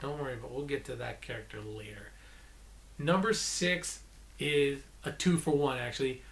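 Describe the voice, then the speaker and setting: A man's voice: normal speed, vocal fry, fairly bright tone. A man giving a casual, rambling movie review, exasperated, with restarts and self-corrections. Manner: mocking quotes in a shrill put-on voice. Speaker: movie vlogger.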